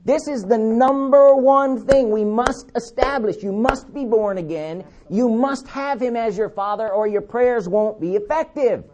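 A man preaching a sermon, emphatic, repeating key words and slowing down to read scripture. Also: very high voice, background noise.

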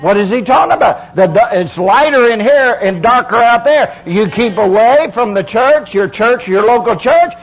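High-voiced man preaching a folksy sermon. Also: lively intonation, normal speed, hardly any pauses, low-quality recording. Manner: folksy, emphatic preaching with repeated phrases.

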